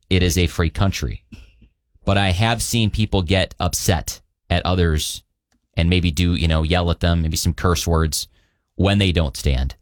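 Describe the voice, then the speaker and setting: A man with a deep, low-pitched voice talks through a news story as a show co-host. His delivery is earnest and conversational. The sound is dry and close, with little room. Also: no echo. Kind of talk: casual news chat.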